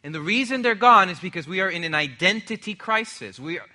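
A young male preacher delivering a sermon with a strikingly bright, cutting voice, pitched slightly high for a man. He speaks emphatically and keeps drawing the congregation in with call-and-response questions. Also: expressive, a little fast. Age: young adult.

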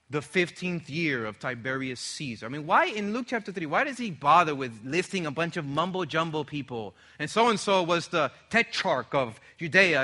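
A man's voice: a little high, pushed and bright. A middle-aged man preaching a sermon, emphatic, throwing rhetorical questions to his congregation.

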